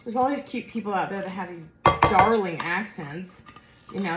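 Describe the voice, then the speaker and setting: A woman's voice: medium pitch, expressive, normal speed, heavy background noise. Woman home cook, General American accent, chatty and rambling; echoey kitchen, clattering dishes behind. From Midwestern or Western United States. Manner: chatty and rambling, thinking aloud while cooking. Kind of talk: casual cooking vlog.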